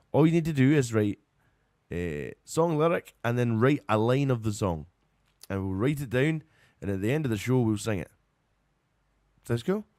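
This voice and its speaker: A man's voice: medium pitch, darkish tone, dry recording, studio quality. A Scottish man hosting a live radio stream in casual, rambling chat, often breaking into giggles, and a little tired. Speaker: radio show host.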